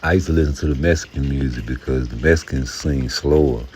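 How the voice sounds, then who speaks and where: Deep, dark-voiced profane man. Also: brisk, slight background noise. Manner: profane, rambling, slips into mocking put-on voices. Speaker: boxing commentator. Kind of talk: casual rant to camera.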